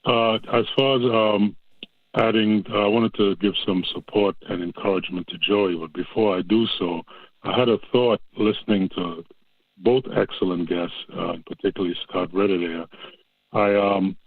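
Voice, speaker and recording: A man's voice: lowish voice, steady tone, moderate pace, no echo. A man calling in to a talk show and rambling in a folksy, casual way. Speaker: caller. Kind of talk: casual call-in chat. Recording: tinny phone line.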